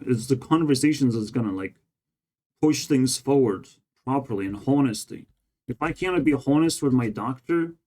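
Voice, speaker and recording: A man's voice: mid-range voice, darkish tone. A tired, run-down man talking to camera in a casual, rambling monologue, venting his frustration with frequent swearing. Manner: frustrated, profane ranting. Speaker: vlogger.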